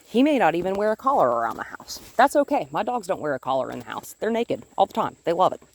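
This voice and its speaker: A woman dog trainer filming outdoors on a phone held in one hand, calmly explaining her methods and now and then talking to the dog in a high sing-song voice. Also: quick pace. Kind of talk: instructional dog-training video. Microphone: phone held in one hand while filming.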